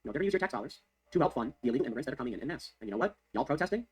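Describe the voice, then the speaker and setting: A man's voice: on the high side, big pitch swings, racing, slightly rough. A man delivering heated, sarcastic political commentary on the news, repeating his points for emphasis. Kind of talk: fast ranting news commentary.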